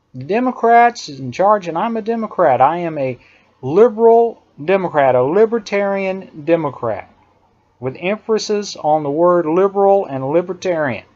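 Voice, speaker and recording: A man's voice: sits high, expressive, normal speed, a little mellow. A man delivering an emphatic, indignant opinion monologue, hammering his points by repeating phrases. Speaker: political commentator. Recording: dull lo-fi recording.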